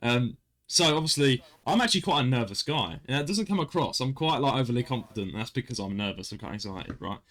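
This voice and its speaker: A young man chats as a podcast host. He tells stories in a lively way, his pitch rising and falling a lot. He keeps stopping and starting his sentences. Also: quick pace. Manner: animated storyteller, self-interrupting with restarts. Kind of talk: casual chat.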